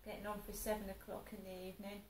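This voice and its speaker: A woman's voice: mid-range voice, flat delivery, fast, darkish tone, roomy sound, a little hiss or hum, low-quality recording. A woman telling a rambling personal story, upset and venting, with frequent restarts. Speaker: vlogger.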